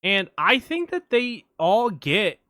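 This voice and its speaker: Animated swearing man on a podcast. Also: high voice, slow, no room sound, clean studio sound. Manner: animated storyteller, swears a lot, acts out quotes. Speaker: podcast co-host. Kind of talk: casual movie podcast chat.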